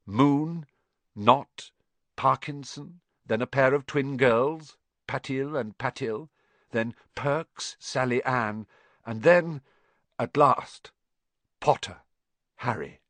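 A man reading a children's storybook aloud as an audiobook narrator, with expressive, animated storytelling. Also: medium pitch, slow pace, no echo.

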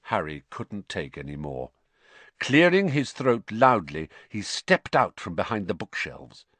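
A man narrating a story in an expressive reading voice, close to the mic. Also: lowish voice, measured pace, husky, no room sound. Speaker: audiobook narrator. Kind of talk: scripted narration.

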